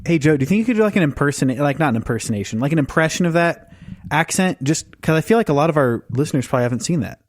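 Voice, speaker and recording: A man's voice: fairly high pitch, animated, dry recording, studio quality. A man co-hosting a podcast, eager and casual. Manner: eager, quick-talking. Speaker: podcast co-host.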